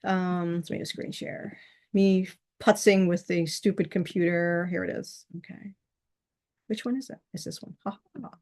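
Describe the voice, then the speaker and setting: A woman's voice: fairly low pitch, moderate pace, a little mellow. A middle-aged woman hosting her own vlog, chatting casually in a rambling way with frequent restarts and laughs. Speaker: channel host.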